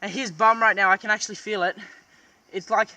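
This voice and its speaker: Young male wildlife vlogger, high bright voice, breathless and strained, outdoors at night, camera worn at the neck. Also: steady tone, fairly quick, no echo. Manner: strained, breathless from holding a struggling animal. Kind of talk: excited on-the-spot wildlife explaining. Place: outdoors at night near a beach. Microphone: camera hung around his neck.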